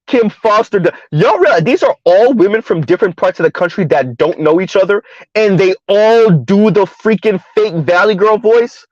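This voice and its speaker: A man giving a heated, emphatic commentary rant on his vlog, repeating his points loudly. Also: sits high, no room sound, dull audio. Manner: loud, emphatic, repeats points, laughs at times. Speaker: commentary vlogger.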